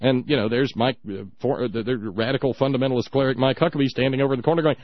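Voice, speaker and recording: A man's voice: medium pitch, steady tone, very fast, hardly any pauses, no echo, lo-fi sound. A man hosting a talk radio show, ranting with indignant sarcasm.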